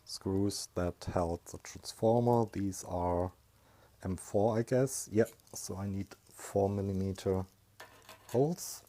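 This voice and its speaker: A man talking through a workshop repair project, thinking aloud in a hesitant, low-key way with many pauses and fillers. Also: dark tone. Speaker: electronics hobbyist. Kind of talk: workshop voice-over talk.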